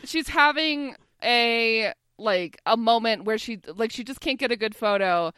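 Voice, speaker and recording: Young woman, podcast co-host, excited casual chat, smooth voice, dry close sound. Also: a little high, unhurried, dry recording. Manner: animated, swearing, laughing, acting out quotes. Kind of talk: casual chat recapping a TV episode.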